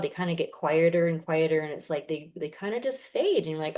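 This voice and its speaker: Woman, 30s, low-ish voice, earnest healer guest, chatty explainer. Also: a little fast, few pauses, warm tone. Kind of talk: casual podcast interview.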